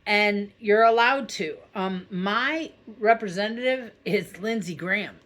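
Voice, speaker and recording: A woman's voice: mid-range voice, unhurried, a bit bright. A woman hosting a spiritual channel, talking straight to her viewers in a casual, heartfelt way, reassuring them and often checking in with "okay?". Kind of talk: casual heartfelt talk to camera.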